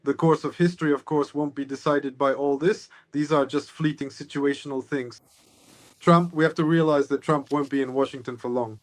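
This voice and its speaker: A man's voice: on the high side, fairly even intonation, moderate pace, no room sound. A man giving political analysis as an interview guest, sardonic and expansive.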